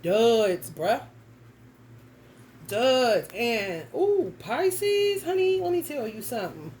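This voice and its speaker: Woman, tarot reader, blunt and profane, slangy, emphatic, a bit high-pitched. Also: very animated, slow, darkish tone, a little hiss or hum, poor audio. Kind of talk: casual tarot reading monologue.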